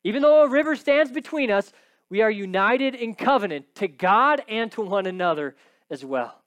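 A man's voice: high-pitched, lively intonation, normal speed, fairly bright tone, no echo. A man preaching a sermon, teaching emphatically and often checking in with his listeners. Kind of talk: sermon with scripture reading.

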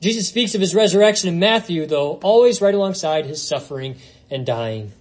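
A male pastor delivering an expository sermon, his voice sitting high for a man and swinging widely up and down as he stresses each point. He reads scripture aloud and keeps turning to the congregation with questions. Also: expressive, fairly quick, poor audio. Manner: expository preaching with rhetorical questions and quoted scripture.

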